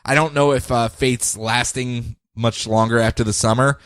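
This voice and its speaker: A man co-hosting a podcast who recaps comics in an animated, joking way, acting out scenes. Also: medium pitch, moderate pace, clear, resonant tone, no room sound, clean studio sound. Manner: animated, acts out scenes and laughs often. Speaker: podcast co-host.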